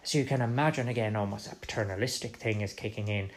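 A man with an Irish accent, hosting a history podcast and explaining at length in an animated way, with frequent restarts. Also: on the low side, fast talker, few pauses. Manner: animated, acts out quoted voices, frequent restarts. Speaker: podcast host.

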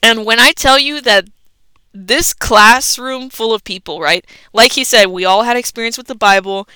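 Young woman podcast host, casual storyteller who swears freely, bright crisp voice, dry close sound. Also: fairly high pitch, normal speed, dry recording, low-quality recording. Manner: chatty and swearing freely, with laughs.

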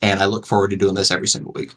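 Young man, podcast host, low voice, earnest, stammering restarts. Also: monotone, very fast, fairly bright tone. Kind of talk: casual podcast chat.

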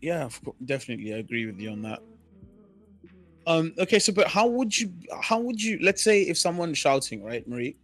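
Animated man from India telling stories. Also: fairly high pitch, brisk. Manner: animated storyteller, acts out quoted voices. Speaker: podcast co-host. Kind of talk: casual podcast chat.

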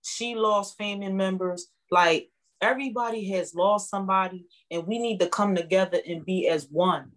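A woman speaking, giving an emotional, heartfelt testimonial as a guest, animated and repeating herself for emphasis. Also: mid-range voice, normal speed, rough recording. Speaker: guest, network marketing member.

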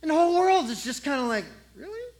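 A preacher telling a Bible story in an animated, conversational, jokey way. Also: high voice, quick pace. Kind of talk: comic sermon storytelling.

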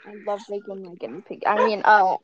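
A woman's voice: mid-range voice, a little fast. A young woman co-hosting a podcast, chipping in with short teasing remarks. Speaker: podcast co-host. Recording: lo-fi audio with clear background noise.

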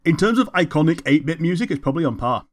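A man's voice: a little high, expressive, fast. A man chatting casually about a cartoon with a friend, laid-back and agreeable, swearing now and then. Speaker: co-host watching a cartoon. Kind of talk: casual reaction chat.

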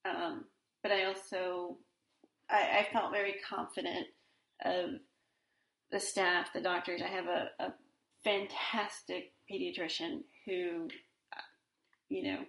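A woman's voice: fairly low pitch, level tone, slow pace, pauses often, a bit bright, roomy sound. A woman in her forties hosting a solo podcast in a casual, rambling way, with many fillers and restarts. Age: 40s. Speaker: podcast host.

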